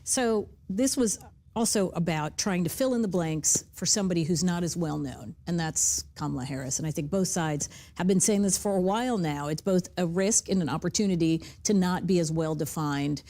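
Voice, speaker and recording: Measured, lower-voiced woman analyst. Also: warm tone. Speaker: political analyst. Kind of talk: news panel analysis.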